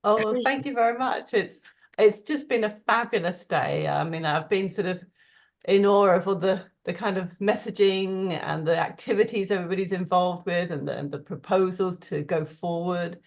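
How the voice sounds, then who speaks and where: A woman speaking earnestly on a video call, giving thanks warmly with hesitant fillers. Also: on the low side, normal speed. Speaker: participant.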